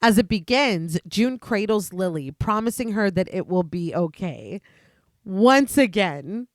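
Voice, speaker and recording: A woman's voice: mid-range voice, a little slow, no room sound. Woman recapping a film plot, dry close mic. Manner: steady, detailed plot narration. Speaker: podcast co-host.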